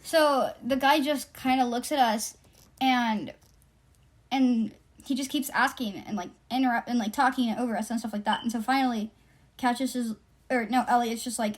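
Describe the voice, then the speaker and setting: Teenage girl, co-host, casual chat, slightly high voice, acts out quotes. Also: moderate pace. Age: teens. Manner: animated storytelling, acts out quotes. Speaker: podcast co-host.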